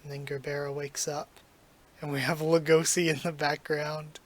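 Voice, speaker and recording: A man's voice: on the high side, moderate pace. Gushing, emotional manga reactor man. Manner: excited and gushing, trips over his words. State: emotional, near tears.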